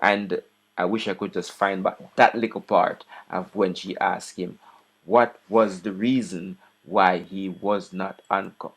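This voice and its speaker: A man's voice: deep voice, fairly even intonation, unhurried, slightly rough. A man with a Jamaican accent casually retelling and mocking a news clip. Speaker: online commentator.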